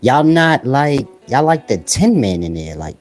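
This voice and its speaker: A man holds forth in a crude, casual comic monologue, full of slang and swaggering asides. His pitch rises and falls animatedly from line to line. Faint guitar music sits behind his voice. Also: very animated, measured pace, darkish tone. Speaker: comedic ranter.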